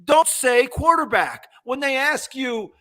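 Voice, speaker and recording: An older man with a strikingly high, bright voice, co-hosting a sports chat. He rants and mocks with lively energy. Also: slow pace. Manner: animated ranting, mocking. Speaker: sports talk co-host. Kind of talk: casual sports banter.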